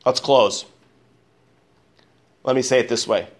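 A pastor preaching a sermon, emphatic, rising on key words and dropping low, asking the congregation questions. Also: male voice, slow pace. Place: church.

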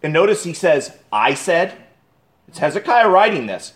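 A man delivering an expository sermon as pastor, preaching emphatically with dramatic pauses and restarts. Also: fairly high pitch, very animated, a bit bright.

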